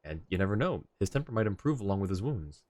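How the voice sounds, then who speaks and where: A man's voice: fairly low pitch, big pitch swings, fast, a little mellow, no room sound. A man streaming a video game live, giving chatty, rambling commentary and laughing often.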